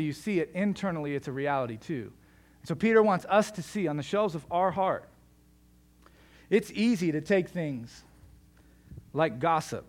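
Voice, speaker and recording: A male pastor delivers a sermon in a relaxed, conversational way, mixing jokes into the story. His voice sits fairly high for a man.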